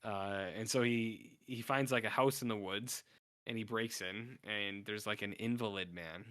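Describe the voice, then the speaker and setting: A young man co-hosts a casual podcast, talking through a film in a loose, rambling way. His voice sits a little low with a bright, forward tone. The sound is dry and close. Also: fairly even intonation, moderate pace, dry recording. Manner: rambling retelling with acted-out quotes. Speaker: podcast co-host. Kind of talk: casual film review chat.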